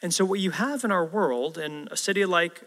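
Speaking at a normal speed, this male pastor preaches with an easygoing, chatty style and keeps turning to his listeners with rhetorical questions. His somewhat bright voice runs a little high for a man, and the big church hall wraps each line in a long echo.

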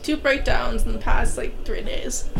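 A woman's voice: a little high, vocal fry, low-quality recording. A young woman co-hosting a podcast and chatting casually while watching a movie, laid-back, wry and laughing. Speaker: podcast co-host.

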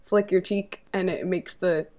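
A woman chatting casually on a podcast, upbeat and quick to giggle. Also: lowish voice, fairly even intonation, dark tone. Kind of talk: casual chat.

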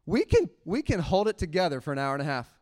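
A man preaching a sermon in church, animated, laughing often and acting out little quotes. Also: fairly high pitch, quick pace. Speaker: pastor.

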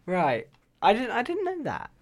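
A man hosting a breakfast radio show, chatting casually with co-hosts and laughing easily. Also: high voice. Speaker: radio host.

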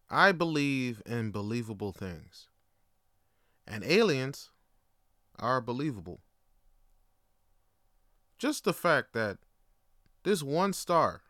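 A man's voice: mid-range voice, a bit bright, dry recording, clean studio sound. A young adult man hosting a solo podcast, musing aloud in a loose, slangy, rambling way. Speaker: podcast host. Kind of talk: casual solo monologue.

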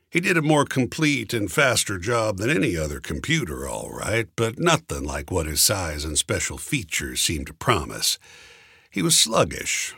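A man's voice: low voice, a bit bright, slightly rough, no room sound, clean studio sound. A man narrating a story in the first person, with a wry, conversational way of telling it.

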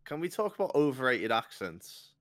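A man's voice: medium pitch, very animated, a bit bright, no echo. Young scouse guy, blunt opinions, voice bounces around a lot, dry sound. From Liverpool. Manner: blunt, opinionated, quick to laugh. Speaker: podcast co-host. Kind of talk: casual chat.

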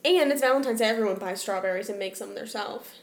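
A young woman co-hosting a podcast in casual chat, supportive and quick to laugh. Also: mid-range voice, crowd noise. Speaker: podcast co-host. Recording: echoey room with faint noise.

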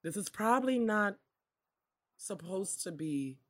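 A woman's voice: mid-range voice, lively intonation, a little slow, a bit bright. A woman chatting casually about a movie, swearing freely and acting out her own reactions. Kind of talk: casual chat recapping a movie.

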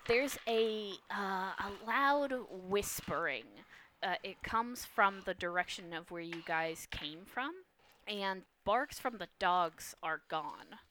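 A woman runs a tabletop game, narrating scenes at an easy, relaxed pace. She hesitates often with fillers, and her voice has a bright, clear ring. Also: medium pitch, slow, slight background noise. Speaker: game master.

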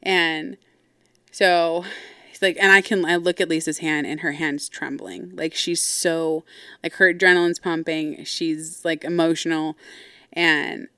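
A woman's voice: low voice, fairly even intonation, a little slow, a bit bright, clean tone, no echo, clean studio sound. A woman hosting a podcast, telling a family story in a candid, casual way, swearing freely and acting out what others said. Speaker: podcast host.

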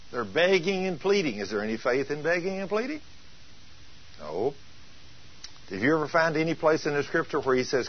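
A man teaches a sermon with a husky, slightly rough voice. He drives his points home with emphatic rhetorical questions. The recording sounds dull and lo-fi. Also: mid-range voice, very animated, moderate pace, long pauses. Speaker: preacher.

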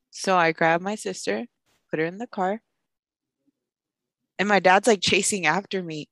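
Young woman, podcast host, animated storytelling, lots of "like", dry close sound. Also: mid-range voice, normal speed, pauses often, no echo. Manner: animated, fills speech with "like", acts out quoted voices. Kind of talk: casual personal storytelling.

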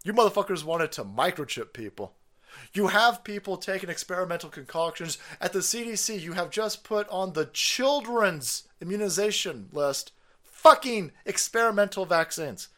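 A man's voice: high-pitched, animated, moderate pace, fairly bright tone. A man hosting a stream, ranting in angry, swearing, mocking commentary on a played clip. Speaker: stream host.

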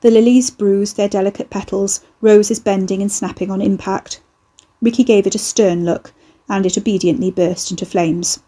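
A woman reading a story aloud as a narrator, in a steady, even storytelling way. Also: medium pitch, moderate pace, few pauses, slightly rough. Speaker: audiobook narrator. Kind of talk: scripted narration.

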